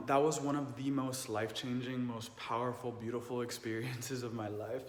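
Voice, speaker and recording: A man's voice: mid-range voice, little pitch movement, moderate pace, few pauses. A young adult man telling a personal story earnestly and emotionally, with lots of "like" fillers. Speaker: vlogger. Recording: echoey room with long reverb, faint ambience.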